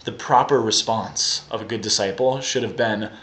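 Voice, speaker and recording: A man preaching a sermon, telling a Bible story with lively, animated delivery and acting out the quotes. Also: lowish voice, moderate pace, hardly any pauses. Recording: echoey room.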